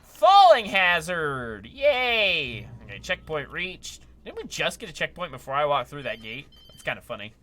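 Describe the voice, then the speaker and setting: A man's voice: fairly high pitch, big pitch swings, normal speed, hardly any pauses, sharp tone. A man giving chatty, upbeat live commentary while playing a video game, often laughing and talking to his chat. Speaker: streamer.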